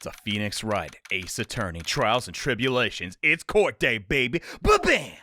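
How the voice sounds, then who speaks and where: Goofy gamer guy, let's play commentary, very lively voice, bright. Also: fairly low pitch, moderate pace, a little hiss or hum. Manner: goofy, animated. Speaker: gaming YouTuber.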